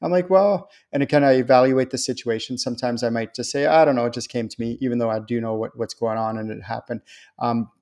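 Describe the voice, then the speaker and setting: A man hosts a live stream in a chatty, reassuring way. His voice sits at an ordinary middle pitch. He often jumps up high to act out excited quotes from other people. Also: quick pace. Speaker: host and spiritual channeler. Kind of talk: live-stream talk answering viewer questions.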